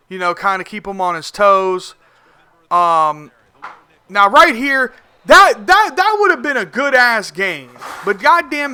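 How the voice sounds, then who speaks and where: A man's voice: high voice, smooth. A man commentating on his own video game match in a casual voice-over, cursing often and restarting his sentences as he talks. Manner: profane, competitive, excitable, repeats words when restarting.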